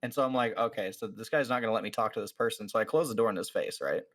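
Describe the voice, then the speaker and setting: A man's voice: on the low side, rapid-fire, a bit bright. Casual man telling a long story. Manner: acts out the people in his story, many fillers. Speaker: podcast host.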